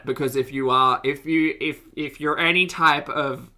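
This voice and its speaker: A woman's voice: sits low, normal speed, pushed and bright. A young woman talking casually to her live-stream chat, giggling often and trailing off into restarts. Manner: addresses her chat directly. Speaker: streamer reacting to videos.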